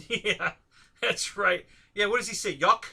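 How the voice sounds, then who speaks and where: Chatty high-voiced, bright-toned man host. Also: a little slow, creaky, husky. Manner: chatty, laughs often, asks guests questions. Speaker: live stream host. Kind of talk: casual chat on a live stream.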